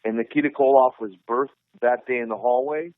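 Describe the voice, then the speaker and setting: A man's voice: medium pitch, fairly quick, dry recording. A man in his fifties from Minnesota, a guest telling stories in an interview, acting out other people's lines with energy. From Minnesota, USA. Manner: animated storyteller who acts out dialogue. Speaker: interview guest, former pro wrestler. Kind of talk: storytelling on a podcast interview. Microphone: phone call. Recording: tinny phone line.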